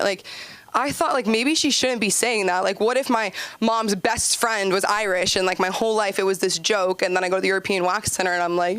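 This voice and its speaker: A woman's voice: medium pitch, fairly quick, fairly bright tone, a little hiss or hum. A woman doing open mic stand-up comedy on a club stage, chatty and giggly, with lots of "like" in her speech. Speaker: stand-up comic and show host.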